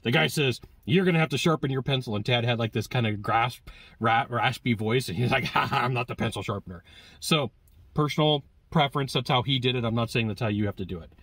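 A man teaching sales negotiation in a lively, conversational way, acting out bits of dialogue with customers. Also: medium pitch, fast talker, husky, no room sound. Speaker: sales trainer. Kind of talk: direct-to-camera sales coaching.

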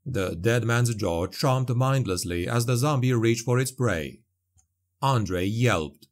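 A man reading a dark fantasy story aloud as an audiobook narrator, measured and vivid. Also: medium pitch.

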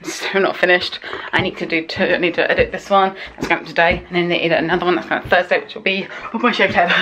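A woman vlogging at home in casual chat, excitable and swearing freely. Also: on the low side, fast, hardly any pauses, background noise.

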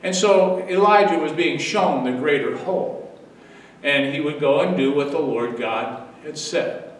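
A man's voice: on the high side, measured pace, a little hiss or hum. A man in his seventies, a pastor giving a daily devotional sermon, telling the story earnestly and repeating phrases for weight. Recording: echoey room, distant mic.

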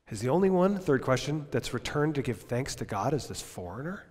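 A man's voice: medium pitch, sing-song, brisk, hardly any pauses, slightly rough. Impassioned male pastor, reverberant church. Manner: impassioned, swings from loud to near-whispers. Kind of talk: sermon. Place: church service.

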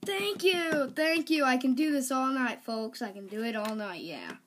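A woman voicing a boastful little sack-doll star in a homemade game cartoon, squabbling and showing off with sudden loud shouts. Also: sits high, expressive, background noise. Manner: squabbling, showy, quick shifts to loud shouts.

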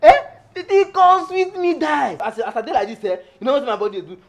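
An actor with a Nigerian Pidgin accent playing a comic young houseboy, greedy and lovestruck, who rambles and pleads theatrically. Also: male voice, sits high, expressive, rapid-fire, a little mellow. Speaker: actor playing a lovestruck, food-obsessed houseman named Friday. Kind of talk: Nollywood film acting.

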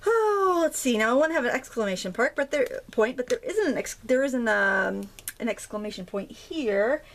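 Chatty woman from Maine, gravelly voice. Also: a little high, moderate pace. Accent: light Maine. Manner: chatty, jokey, thinks aloud while working. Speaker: craft tutorial host. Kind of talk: casual craft demonstration.

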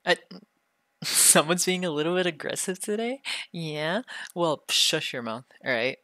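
A man's voice: a little high, expressive, a little slow, pushed and bright, no echo, clean studio sound. A young man performing an ASMR role-play with a bratty, teasing manner and lots of swearing, his throat sore from being sick.

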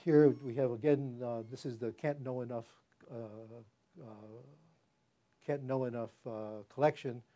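An older man giving an academic public lecture in a hall, speaking haltingly with many fillers and restarts. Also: mid-range voice, fairly even intonation, warm tone.

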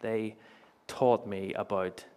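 A man's voice: on the low side, fairly even intonation, takes it slowly, a little mellow, smooth. Earnest preacher man. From Northern Ireland. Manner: storytelling, earnest, emphatic repetition, light chuckles. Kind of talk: sermon. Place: church.

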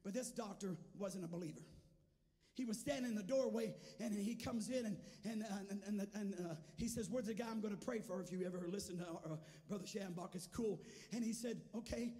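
A man preaching a sermon as a guest, moving between quiet storytelling and shouted, sing-song preaching. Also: high-pitched, fairly quick. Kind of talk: Pentecostal sermon. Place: large church sanctuary. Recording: church hall with long reverb and faint music.

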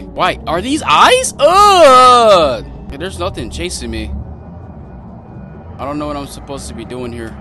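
A young man commenting as he plays a horror game, thinking aloud, talking to his viewers and yelping when startled. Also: medium pitch. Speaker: gaming channel host. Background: game music.

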